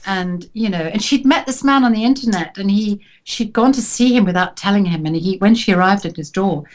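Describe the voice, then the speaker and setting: A woman co-hosting a casual chat, telling stories in an animated way and laughing often. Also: medium pitch, a little fast. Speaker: co-host.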